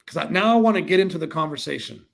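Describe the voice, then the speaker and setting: Casual gravelly-voiced man coaching. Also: on the high side, expressive, very fast. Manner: conversational, answers viewer questions, acts out sales calls. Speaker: co-host of a real estate sales livestream.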